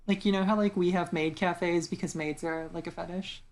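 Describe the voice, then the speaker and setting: Young woman co-host, lowish voice, rambling casual talk full of restarts. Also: steady tone, normal speed, a little mellow. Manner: rambling, many fillers and restarts. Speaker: podcast co-host. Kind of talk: casual chat.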